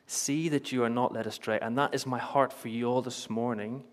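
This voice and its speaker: Man, preacher, sermon, earnest, storytelling, church, mid-pitched voice. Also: fairly even intonation, moderate pace. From Northern Ireland. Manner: storytelling, earnest, emphatic repetition, light chuckles.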